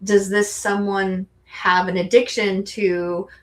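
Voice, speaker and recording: A woman's voice: mid-range voice, level tone, takes it slowly, a bit bright. A middle-aged woman co-hosting a tarot show, chatting casually and rambling with frequent restarts. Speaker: tarot co-host. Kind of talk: casual chat.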